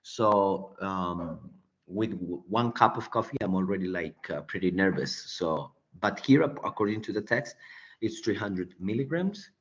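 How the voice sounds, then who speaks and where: With a deep, animated voice and an unhurried pace, a man leads an online English class through a quiz, explaining each point and often adding "right?". The sound comes from a computer mic on a video call and is dull and lo-fi.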